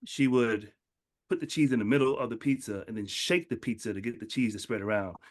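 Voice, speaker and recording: A man of middling pitch who gives a casual motivational talk. He tells stories from his own life and jumps into different voices to act out the people in them. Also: fairly quick. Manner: storytelling, acts out quotes in animated voices. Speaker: motivational speaker.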